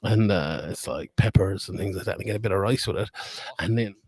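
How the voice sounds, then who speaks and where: A man's voice: low-pitched, fairly quick, a little mellow. Chatty Limerick Irishman hosting a stream. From Ireland. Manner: rambling, chatty, laughs often. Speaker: live stream host. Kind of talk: casual live-stream chat. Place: fight weigh-in venue. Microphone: phone camera.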